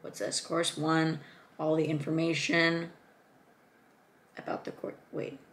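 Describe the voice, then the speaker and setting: A woman's voice: deep voice, unhurried. Gushing young woman vlogger. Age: young adult. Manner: excited, gushing, lots of gasps and fillers. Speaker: student vlogger. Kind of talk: casual chat.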